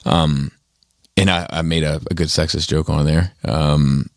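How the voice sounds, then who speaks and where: A man's voice: a bass voice, steady tone, measured pace, dry recording, clean studio sound. A man hosting a casual podcast chat, rambling with lots of fillers and some swearing. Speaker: podcast host. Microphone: studio mic on arm.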